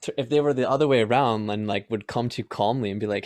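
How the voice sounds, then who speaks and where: A man's voice: mid-range voice, fairly even intonation, fast, few pauses, a little mellow, dry recording, clean studio sound. A man hosting a podcast, speaking hesitantly and searching for his words in casual conversation. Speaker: podcast host. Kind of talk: casual interview chat.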